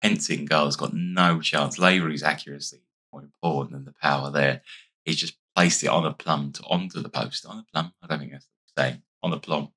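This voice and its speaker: A man with an extremely low voice narrates his video game in a loose, chatty way, thinking out loud between plays. His voice is hoarse and worn, yet it keeps a bright, pushing edge. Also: steady tone, a little fast. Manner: chatty, thinking aloud while playing. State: losing his voice. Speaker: gaming YouTuber. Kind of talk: casual let's-play commentary.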